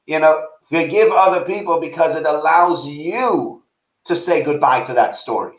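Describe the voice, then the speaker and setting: Male host, talkative storyteller, slightly high voice, echoey room. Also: normal speed. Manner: chatty storyteller, acts out quoted voices. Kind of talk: casual chat about faith.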